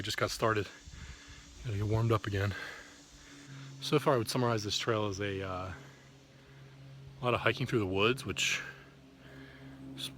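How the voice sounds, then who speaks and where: Brief: relaxed male hiker-vlogger, lowish voice, rambling delivery, faint outdoor air behind. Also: slight background noise. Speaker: backpacking vlogger. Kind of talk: casual trail vlog. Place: outdoors in the woods on a trail.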